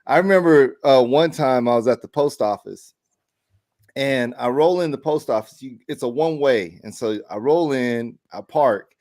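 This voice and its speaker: A man co-hosting a podcast in casual chat, telling stories with animated, acted-out quotes. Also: medium pitch, normal speed. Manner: animated storyteller acting out quoted arguments. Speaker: podcast co-host.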